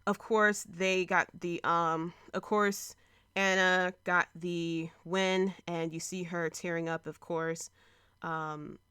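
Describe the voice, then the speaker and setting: A woman with a low, smooth voice hosts a relaxed podcast in her thirties. She talks through events in an emotional, rambling way, full of fillers and restarts. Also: slow, no room sound, studio quality. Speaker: podcast host. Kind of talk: casual wrestling podcast chat.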